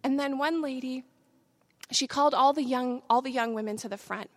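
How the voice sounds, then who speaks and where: A young woman preaches her own testimony to a congregation in a high voice. She drops to near whispers for painful parts and rises to loud, rapid preaching at others. The sound is dry and close, with no room echo. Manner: swings from hushed confession to loud, fast preaching. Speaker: speaker giving testimony. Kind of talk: sermon testimony.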